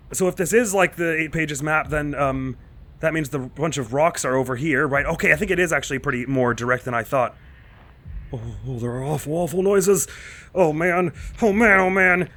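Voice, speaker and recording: A man's voice: a little high, a bit bright. A man commentating a horror game let's play, rambling and self-mocking, getting panicky and mumbly when spooked. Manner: rambling and self-mocking, jittery with nervous asides. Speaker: gaming channel host.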